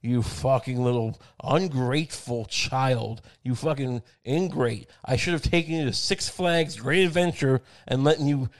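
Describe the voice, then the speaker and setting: A man playing an angry dying father who scolds his young son in loud, profane bursts. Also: mid-range voice, unhurried, hardly any pauses, close to an everyday voice.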